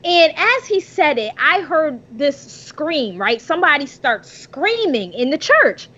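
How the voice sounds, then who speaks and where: A woman's voice: sits high, sing-song, a little slow, sharp tone, muffled recording. A woman guest on a podcast, telling her life story as an earnest, preacherly testimony.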